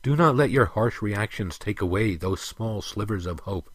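A man reading the part of a stern, weary elf king who lectures his son in a firm, measured way. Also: lowish voice, lively intonation, no echo. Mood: grave.

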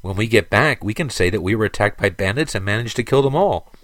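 A practical young guard lays out a plan in a low, even voice, as a man reads him. The sound is close and dry. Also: fast, dry recording. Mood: scheming.

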